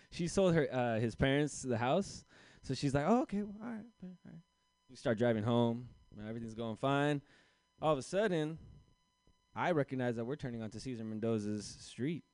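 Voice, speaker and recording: A man's voice: mid-range voice, expressive, a little fast, a little mellow, no echo. A young man doing a stand-up set, telling a self-deprecating story loosely and putting on voices for the people in it. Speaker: stand-up comedian. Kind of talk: stand-up set at an open mic.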